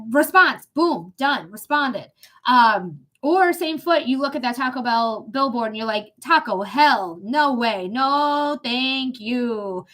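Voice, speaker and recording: A woman hosting a live psychic reading stream, giving chatty, emphatic advice with quick asides. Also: high-pitched, a bit bright. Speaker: psychic reader and livestream host.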